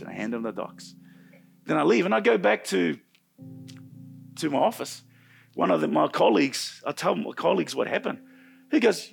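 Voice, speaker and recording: A middle-aged man preaching a sermon in church, telling a personal story with animated swings from loud to hushed. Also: a little high, moderate pace, gravelly, pauses often, faint music behind. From New Zealand.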